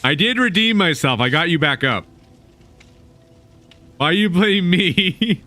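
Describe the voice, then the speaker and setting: A man's voice: high voice, animated, takes it slowly, sharp tone, soft background music. A man streaming a video game, chatting casually with viewers and teammates and laughing often. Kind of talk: casual gaming stream chat.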